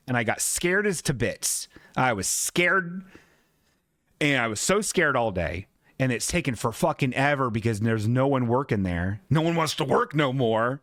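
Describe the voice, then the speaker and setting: A man in a comedy podcast rambles through a profanity-laced story at his own expense. His pitch leaps high and drops low with lively swings. The sound is dry and close. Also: dry recording. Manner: rambling, profane and self-mocking. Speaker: podcast host.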